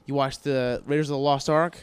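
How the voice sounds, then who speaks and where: A man hosting a podcast, asking questions in a loose, halting, profane way. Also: medium pitch, fairly even intonation, smooth, no room sound. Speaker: podcast host. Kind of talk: casual podcast interview.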